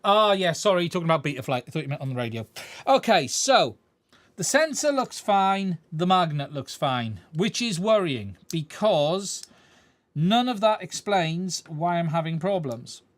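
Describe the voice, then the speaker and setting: A man's voice: high-pitched, sing-song, measured pace, dry recording. A man chatting through a live-streamed repair at his workbench, thinking aloud as he works and talking to his viewers. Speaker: streamer repairing a radio controller. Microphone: desk mic, swaps mics during the stream.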